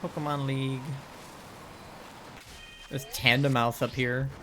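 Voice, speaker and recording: A man's voice: medium pitch, level tone, slow, noisy background. A man giving rambling, playful, casual commentary while live-streaming a video game from a home setup, sounding a little sleepy. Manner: rambling, chatty, playful, with laughs and squeals. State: sleepy, yawning.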